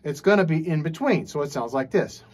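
A man teaching jazz drums in a relaxed, casual way, scat-singing rhythms and checking in with frequent "okay"s. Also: on the high side, a little fast, soft background music. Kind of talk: casual instructional talk. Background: drum playing.

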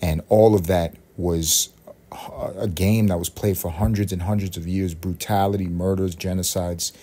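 A man from Puerto Rico hosting a solo podcast, thinking aloud in a rambling, self-questioning way with drawn-out phrases. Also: low voice, fairly even intonation, warm tone. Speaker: podcast host.

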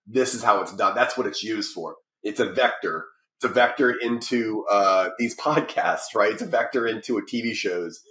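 A man's voice: on the low side, moderate pace, roomy sound. A middle-aged man guesting on a podcast, talking casually and rambling with lots of restarts and fillers. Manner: rambling, lots of restarts and fillers, animated when telling stories. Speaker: podcast guest, publishing company founder. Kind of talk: casual interview talk.

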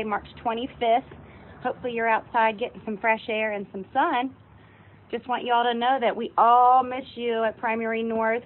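A woman teacher talks brisk and upbeat from her front porch outdoors. Her voice is thin and phone-like, with a faint hiss. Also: on the high side. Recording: tinny phone-like audio.

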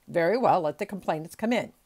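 A woman reading aloud, voicing a pompous, fat old male magistrate in a loud, bossy manner. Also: on the low side, lively intonation, quick pace. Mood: stern.

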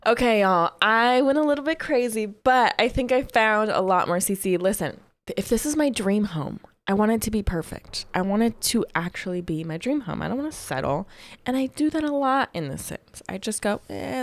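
A young woman chatting casually while building in a game, thinking aloud with playful asides. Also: mid-range voice. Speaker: Sims building creator. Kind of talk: casual gameplay commentary.

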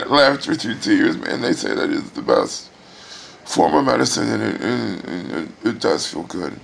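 A middle-aged man in a hospital room, weary and near tears, talking in a personal video diary with sighs and halting pauses. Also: fairly low pitch, sing-song, vocal fry, fairly bright tone. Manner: emotional, sighing, halting. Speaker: vlogger.

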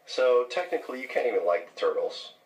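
A man's voice: medium pitch, sing-song, a little fast. An American man leaving crude, mocking voicemails to tease a friend. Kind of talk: teasing voicemail banter. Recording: voicemail recording from a distance.

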